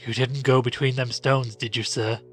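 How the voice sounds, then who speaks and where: A man's voice: medium pitch, steady tone, fairly quick, faint music behind, lightly acted. A man voicing an old male servant who speaks in a tremulous, rustic and formal way. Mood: deferential.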